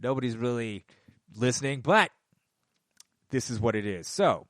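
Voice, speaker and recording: A middle-aged man in his forties ranting into a microphone, heated and profane. His pitch sits in an ordinary middle range. The sound is dry and close, with no room echo. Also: expressive, normal speed, fairly bright tone. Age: 40s. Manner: profane, heated, swears constantly. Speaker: podcast host. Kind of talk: casual rant. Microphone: studio microphone.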